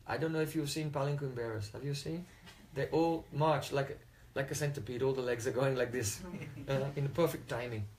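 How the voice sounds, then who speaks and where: A man's voice: mid-range voice, steady tone, brisk, few pauses, darkish tone, a little hiss or hum. A man telling a religious story in a talk, often checking in with his listeners. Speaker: spiritual teacher.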